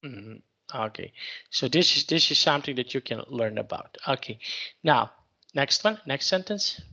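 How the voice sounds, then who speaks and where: A man's voice: mid-range voice, lively intonation, moderate pace, sharp tone, lo-fi sound. A man teaching an online English lesson, patiently repeating and rephrasing each question for his student.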